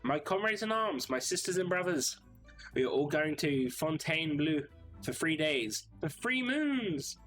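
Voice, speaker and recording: A man's voice: on the high side, sing-song, measured pace, fairly bright tone, pitched above the performer's own voice. A man voicing a pompous male knight in plate armor who talks in grandiose, mock old-fashioned words, over faint music. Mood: proud.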